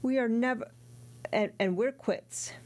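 A woman's voice: fairly high pitch, unhurried, darkish tone, pitched above the performer's own voice, close to an everyday voice. Lady reading as an eager young sailor guy, earnest, audiobook. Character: earnest young sailor son, warm-hearted.

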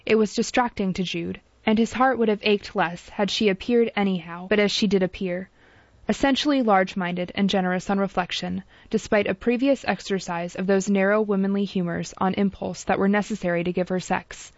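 A woman narrating a classic novel in a measured, formal storytelling manner. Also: mid-range voice, fairly even intonation, no echo. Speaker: audiobook narrator. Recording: dull dry lo-fi recording.

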